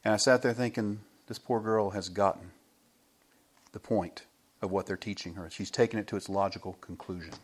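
An American pastor preaching a sermon in a church, telling stories with a lively manner and chuckling between his points. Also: on the low side, moderate pace, slight background noise. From United States.

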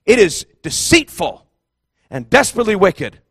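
A man preaching a fervent sermon, emphatic and impassioned, repeating phrases and surging to near-shouts. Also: sits high, sing-song, moderate pace, creaky, slightly rough, no echo, clean studio sound.

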